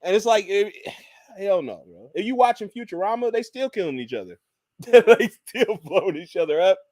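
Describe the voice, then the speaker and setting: A man's voice: high-pitched, expressive, moderate pace, a little mellow, no room sound. A man hosting a podcast, ranting in casual chat with lots of profanity. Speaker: podcast host.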